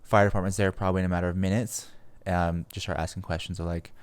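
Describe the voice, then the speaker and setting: A man's voice: low-pitched, level tone, quick pace, clear, resonant tone, no echo. A young man telling a story on a podcast in a casual, rambling way, leaning on fillers and swearing freely. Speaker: podcast host.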